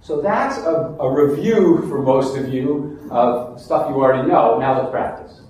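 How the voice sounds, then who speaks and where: A man teaching a mindfulness meditation class, explaining calmly and often restarting his sentences. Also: mid-range voice, unhurried. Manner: calm, explanatory, with frequent restarts. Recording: very echoey room, faint noise.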